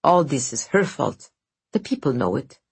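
A woman voicing an unseen spirit that speaks mildly and coaxingly, in a husky voice. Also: rumbling low, big pitch swings, normal speed, no room sound, exaggerated voice. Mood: insistent. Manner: mild and coaxing.

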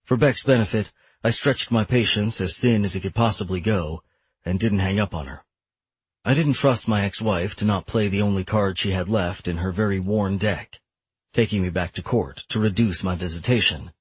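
Husky low-voiced male audiobook narrator. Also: normal speed, dry recording. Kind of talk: first-person audiobook narration.

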